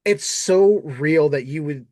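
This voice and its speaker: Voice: mid-range voice, slow pace, dark tone, dry recording, studio quality. A podcast host chatting casually, laughing often and acting out characters' lines. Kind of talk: casual chat. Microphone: recorded on camera setup, remote call.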